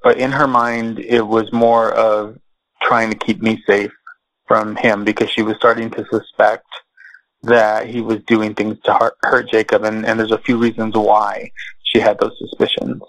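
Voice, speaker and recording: A man as an interview guest, telling a personal family story in a slow, measured way with many pauses and fillers. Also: on the low side, completely flat delivery, fairly bright tone, dry recording, poor audio.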